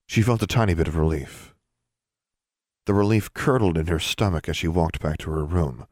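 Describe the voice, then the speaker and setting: A man narrating an audiobook chapter in an even, steady storytelling manner. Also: deep voice, no room sound, clean studio sound. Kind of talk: scripted narration.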